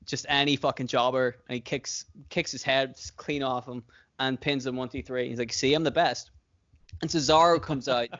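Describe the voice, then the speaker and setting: A man's voice: medium pitch, steady tone, moderate pace, fairly bright tone, dull audio. Rambling, swearing male podcast co-host. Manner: rambling, profane, laughs often. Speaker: podcast co-host booking wrestling shows. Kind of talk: casual chat.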